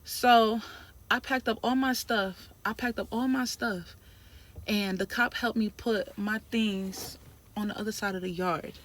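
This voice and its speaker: Animated slangy woman telling a story. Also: mid-range voice, a little hiss or hum. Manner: animated, slangy, emphatic retelling. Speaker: trucking trainee telling a story. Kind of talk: casual storytime vlog.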